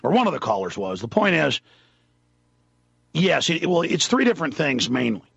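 Male talk radio host, gravelly husky voice, rambling delivery, dry dull studio sound. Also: on the high side, big pitch swings, moderate pace, a bit bright, no room sound. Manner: rambling, loses his train of thought mid-sentence.

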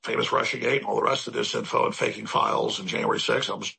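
A man's voice: medium pitch, level tone, fast, gravelly, pushed and bright, breathy edge. A male host delivering a rambling, emphatic political commentary monologue, piling up repetitions as he talks. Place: studio in Central Texas.

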